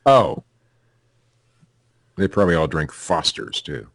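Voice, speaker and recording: A man's voice: extremely low pitch, big pitch swings, takes it slowly, gravelly, husky, dry recording. A man co-hosting a casual comedy podcast, reading news stories aloud with offhand jokes and chuckles.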